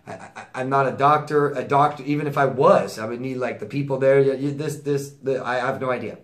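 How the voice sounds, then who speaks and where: A man's voice: mid-range voice, steady tone, fairly quick. A man working as a relationship coach, answering viewer letters in a casual advice monologue, blunt and repeating himself for emphasis with stammered restarts.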